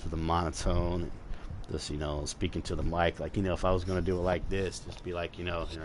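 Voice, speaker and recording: A man's voice: low-pitched, flat delivery, fast, background noise. A man casually chatting to viewers while streaming a game, rambling and swearing freely. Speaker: gaming streamer. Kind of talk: casual live gameplay commentary.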